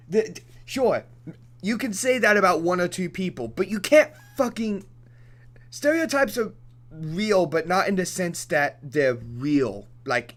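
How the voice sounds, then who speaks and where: Young man, streamer, profane rambling rant, restarts sentences, pitch swinging widely, fairly high voice. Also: fairly bright tone. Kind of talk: off-topic rant during a let's play.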